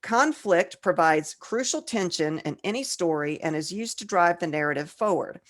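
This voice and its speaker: A woman's voice: lowish voice, lively intonation. A woman co-hosting a casual writing podcast, trading jokes and reading definitions aloud, a little tipsy. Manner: joking, reads definitions aloud slowly. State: tipsy, slurring slightly. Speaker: podcast co-host. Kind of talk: casual chat.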